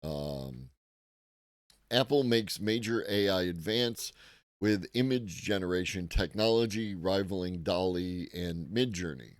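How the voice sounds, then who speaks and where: Brief: man hosting a morning tech-news stream, unhurried and offhand, slightly low-pitched. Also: no echo, clean studio sound. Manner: casual, rambling, profane, greets chat viewers. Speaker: live-stream host.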